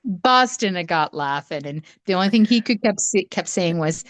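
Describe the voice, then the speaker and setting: Canadian woman, podcast co-host, animated storyteller, dry close recording. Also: fairly low pitch, normal speed, no room sound. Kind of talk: casual storytelling.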